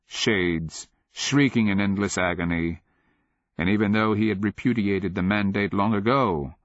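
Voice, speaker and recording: A man giving steady, measured scripted narration of a fantasy audiobook, on a dull lo-fi recording. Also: low voice, dry recording.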